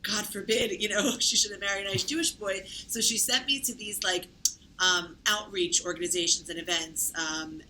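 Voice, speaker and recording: A woman's voice: mid-range voice, normal speed, pushed and bright, slight background noise, poor audio. A woman telling her own story in conversation, chatty, with many fillers and self-corrections. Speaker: interview guest.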